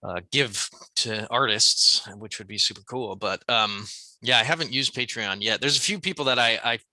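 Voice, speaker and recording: A man with a very bright, forceful voice co-hosting a podcast. He rambles, jokes and swears casually. The recording is dry and close. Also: lowish voice, normal speed, no echo, poor audio. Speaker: podcast co-host. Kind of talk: casual chat.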